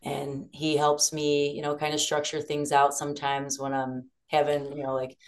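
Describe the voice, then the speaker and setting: A low-pitched woman talks about her band in a relaxed interview. She rambles cheerfully through her stories, laughing now and then. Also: moderate pace. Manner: chatty, laughing, rambling storyteller. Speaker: band singer and songwriter. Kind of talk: casual interview chat.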